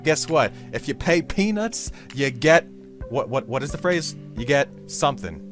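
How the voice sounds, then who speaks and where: A man's voice: medium pitch, sing-song, moderate pace, fairly bright tone, soft background music. A man hosting a gameplay video, rambling with absurd jokes and calling the listener dude. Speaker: gaming video host.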